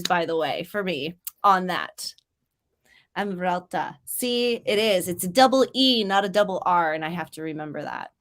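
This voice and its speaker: A woman's voice: lowish voice, animated, normal speed, fairly bright tone. A woman hosting a casual writing livestream, chatty and upbeat, reading viewer comments aloud. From grew up near Mexico. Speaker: host of writing sprint livestream.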